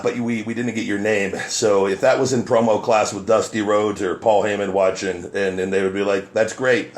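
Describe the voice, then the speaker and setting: A man hosting his own live stream in casual chat, giving a caller blunt, coaching critique. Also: fairly low pitch.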